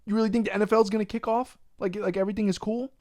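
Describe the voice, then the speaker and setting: A young man hosting a podcast, animated and profane, ranting in casual chat. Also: sits high, very fast, dry recording. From Long Island, New York. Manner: profane, animated ranting, says "bro" a lot. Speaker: podcast host.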